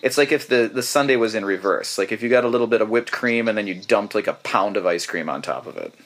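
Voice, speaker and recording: A man's voice: lowish voice, fast talker, a bit bright. A man co-hosting a casual podcast, rambling and joking with lots of fillers and restarts. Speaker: podcast co-host.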